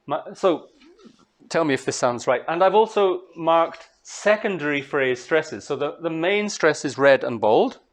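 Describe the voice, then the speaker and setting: A man from Scotland leading a master class, explaining step by step and reciting verse lines slowly. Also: on the high side, animated.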